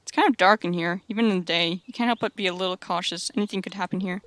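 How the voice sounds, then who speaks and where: A woman's voice: fairly low pitch, quick pace, fairly bright tone, no room sound. A woman streamer reading a visual novel aloud with playful, wry asides, on a close mic over faint game music.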